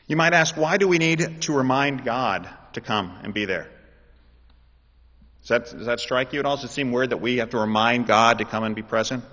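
Guy preaching a sermon, gets loud and emphatic, long hall echo, kinda muffled. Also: medium pitch, moderate pace. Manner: animated, rising to loud emphatic calls. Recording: dull sound with long hall reverb.

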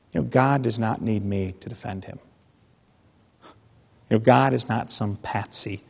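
A man preaching a sermon in an animated way, with mock-indignant asides. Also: mid-range voice, gravelly, slightly rough. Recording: dull sound in a reverberant hall.

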